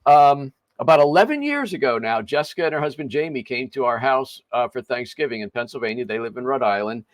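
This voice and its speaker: An older man hosts a podcast interview in a relaxed, chatty way. He chuckles often and restarts his sentences as he tells a story. His voice sits in a middle pitch and sounds dry and close. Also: brisk, no room sound. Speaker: podcast host.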